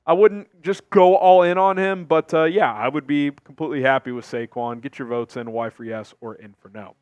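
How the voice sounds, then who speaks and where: A man hosting an opinionated sports talk show, talking emphatically with big swings in pitch and volume. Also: moderate pace, hardly any pauses, a little mellow, clear, resonant tone, dry recording.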